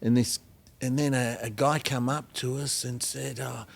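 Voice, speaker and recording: Gravelly Australian man telling stories. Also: mid-range voice, steady tone, moderate pace. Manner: rambling anecdotes with many "um"s and acted-out quotes. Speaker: guest singer-songwriter. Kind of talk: storytelling in a podcast interview.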